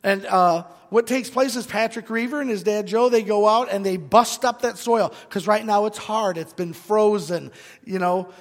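A male pastor preaching a sermon, animated, swinging from loud bursts to hushed asides. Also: high voice, moderate pace. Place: church sanctuary. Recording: long hall reverb.

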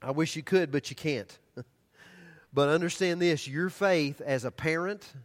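Older preacher telling a sermon story. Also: male voice, on the high side, measured pace. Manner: animated storytelling that drops to hushed, earnest tones.

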